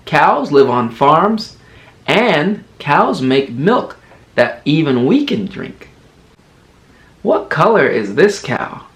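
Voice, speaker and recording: Male kids' entertainer and teacher; very slow, animated, encouraging delivery for toddlers. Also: fairly high pitch. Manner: slow, exaggerated, encouraging sing-song for toddlers; playfully imitates animal sounds. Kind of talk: children's educational video.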